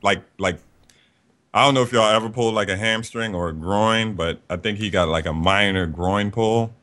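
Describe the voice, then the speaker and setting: A man's voice: on the low side, moderate pace, a bit bright. A man co-hosting a casual podcast, bantering loosely and swearing freely. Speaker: podcast co-host.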